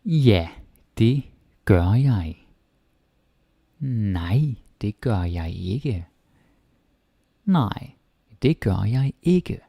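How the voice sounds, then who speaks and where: A Danish man with a Danish accent teaches an online language lesson, his voice dark, mellow, gravelly and on the low side, with a sing-song lilt. He speaks slowly and casually, repeating short example phrases, recorded close and dry.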